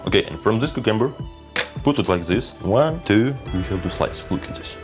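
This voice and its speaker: Playful chef with lively, lowish voice. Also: male voice, brisk, loud music behind the voice. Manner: playful, boastful, non-native phrasing. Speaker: cooking vlogger. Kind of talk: casual kitchen demo.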